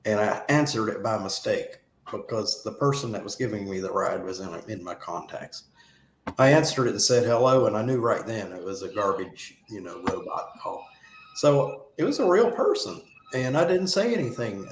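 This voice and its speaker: A man telling stories in a casual chat, lively and a bit drawn-out. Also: lowish voice. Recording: echoey room with faint noise.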